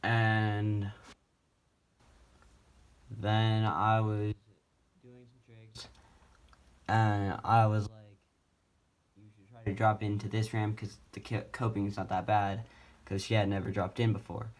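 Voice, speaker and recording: A teenage boy tells his own story into the camera from home, in a wheelchair. His voice sits low and he talks slowly. He rambles casually, with lots of fillers and false starts. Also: monotone. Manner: rambling, halting, many fillers and restarts. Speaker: vlogger.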